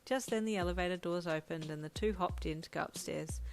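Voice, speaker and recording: A woman narrating a fan story in the second person, with gentle, even storytelling. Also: on the low side, fairly quick, creaky, soft background music. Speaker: fanfiction narrator. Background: lo-fi drum loop.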